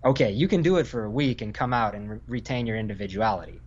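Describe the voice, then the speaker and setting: A man's voice: fairly low pitch, quick pace, highs cut off. A man from Northern Virginia, an Army veteran, talking casually on a podcast with lots of fillers and restarts. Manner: rambling, many fillers and restarts. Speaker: guest, Army infantry veteran.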